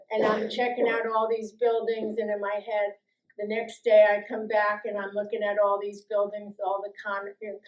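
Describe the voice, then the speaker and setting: Older woman telling lively life stories. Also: mid-range voice, low-quality recording. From US East Coast. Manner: lively, acts out quoted voices, laughs often. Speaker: guest speaker sharing life stories. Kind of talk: personal storytelling talk.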